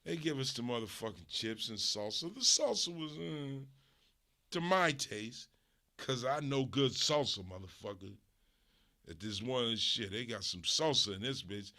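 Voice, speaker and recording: Middle aged LA guy ranting a funny story, swears a lot, bright punchy voice, loud then quiet. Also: unhurried. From Los Angeles. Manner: animated, profane, swings in pitch and volume. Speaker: stream host.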